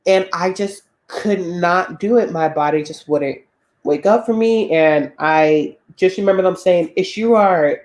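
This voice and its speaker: A young woman with a Southern US accent, telling a personal story in a relaxed podcast chat. Her delivery is chatty and loose, and she laughs often between sentences. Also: fairly low pitch, unhurried. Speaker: co-host. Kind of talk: casual chat.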